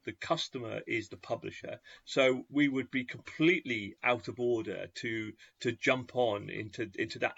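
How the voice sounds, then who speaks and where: A man talks shop as a podcast guest, his voice bright and edged with gravel. He stumbles over restarts and repeated words and slips into acting out little exchanges. The audio is dry, muffled and lo-fi. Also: mid-range voice, no room sound. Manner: chatty, many restarts and repeated words, acts out dialogue. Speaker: guest, game retailer and fulfilment company owner. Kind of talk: podcast interview, anecdotal.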